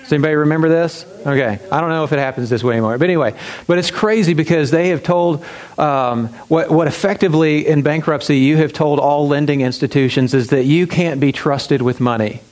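A pastor giving a sermon, retelling a parable in a conversational way, with emphatic repetition and plenty of fillers. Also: male voice, on the high side, fast talker, a little mellow, poor audio. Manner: frequent fillers and restarts.

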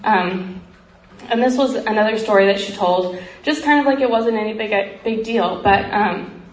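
A woman earnestly telling a missionary story in a heartfelt talk, often pausing with "um" and growing emotional. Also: medium pitch. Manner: earnest, frequent ums, grows emotional. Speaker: speaker sharing a missionary story. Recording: roomy echo, faint background noise.

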